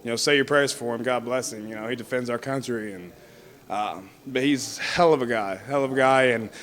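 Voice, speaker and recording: A man's voice: mid-range voice, brisk, a bit bright. Young man rambling through wrestling stories. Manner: rambling, heavy on fillers like "you know what I mean"; laughs often while telling stories. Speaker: wrestler being interviewed. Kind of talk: casual storytelling interview.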